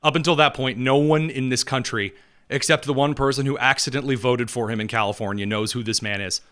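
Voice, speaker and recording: A man's voice: mid-range voice, steady tone, fast talker, a bit bright, clear, resonant tone. A man hosting a political commentary show, talking in a sarcastic, mocking way. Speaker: podcast host.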